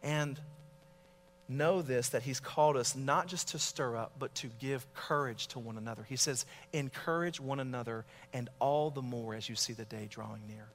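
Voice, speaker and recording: A man's voice: medium pitch, moderate pace, in a large hall. A middle-aged man preaching a sermon, earnest and exhorting, telling a story from his own life. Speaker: pastor.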